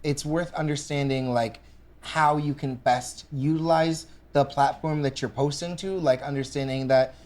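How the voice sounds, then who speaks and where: A man's voice: on the high side, fairly even intonation, normal speed, a little mellow. A man co-hosting a casual podcast chat, eagerly jumping in and finishing the other host's thoughts. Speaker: podcast co-host.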